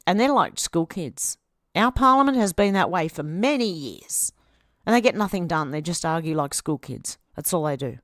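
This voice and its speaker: An Australian woman hosts a casual live stream, reading viewer comments aloud and reacting in a loose, conversational way. Her voice sits a little low. The sound is dry and close, with no room echo. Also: animated, normal speed. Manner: chatty, reads out comments then reacts.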